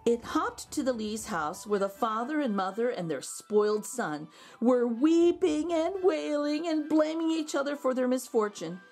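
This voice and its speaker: A woman reading a children's picture book aloud, expressive with gentle asides. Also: high-pitched, measured pace, soft background music.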